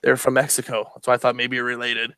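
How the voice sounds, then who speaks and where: A man co-hosting a casual live gaming show, telling stories and cracking deadpan jokes. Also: mid-range voice, quick pace, clear, resonant tone, dry recording, clean studio sound. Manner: deadpan joking storyteller. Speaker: podcast co-host.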